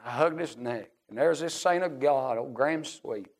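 A middle-aged man preaching a revival-style sermon in a church service. He is fervent and swings from hushed storytelling to shouting. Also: medium pitch, normal speed, vocal fry.

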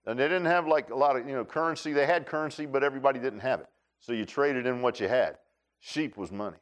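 A male pastor preaches a sermon in church, folksy and animated, addressing the congregation directly. He drops into low asides and rises to high shouts, and he speaks fast.

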